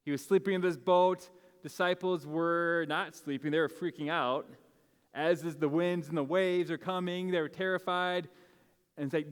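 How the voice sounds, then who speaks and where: A man's voice: fairly high pitch, moderate pace, long pauses, clean tone. Man preaching in an echoing church hall. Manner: casual, conversational preaching with frequent fillers and restarts. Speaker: pastor. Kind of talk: sermon. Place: church sanctuary. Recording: long hall reverb from a church sanctuary.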